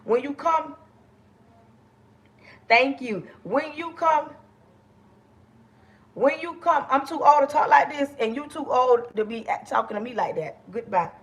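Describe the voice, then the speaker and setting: Loud, passionate woman livestream host, gravelly. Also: high voice, measured pace, long pauses. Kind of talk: casual livestream talk to viewers.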